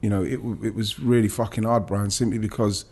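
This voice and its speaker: A man's voice: lowish voice, steady tone, brisk, a little mellow, slightly rough. A man, a former footballer, recounting his career in an emotional podcast interview, with many restarts and some swearing.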